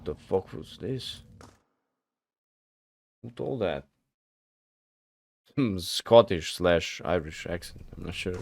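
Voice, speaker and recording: A man's voice: low-pitched, lively intonation, slow pace, vocal fry, long pauses, a little mellow. A man commenting casually on his gameplay and reading the game's text aloud in a laid-back, muttering way. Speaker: gameplay streamer.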